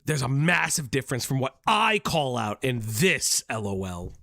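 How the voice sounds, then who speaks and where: A man's voice: mid-range voice, very animated, moderate pace, gravelly, bright, forceful tone, no echo, clean studio sound. A man reacting to a video on a commentary stream, exasperated, swearing and laughing often.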